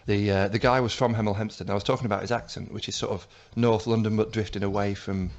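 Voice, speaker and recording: A man's voice: on the low side, steady tone, fast, a little mellow, muffled recording. Rambling male comedian guest. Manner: rambling, hesitant storytelling with fillers. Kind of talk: casual radio chat.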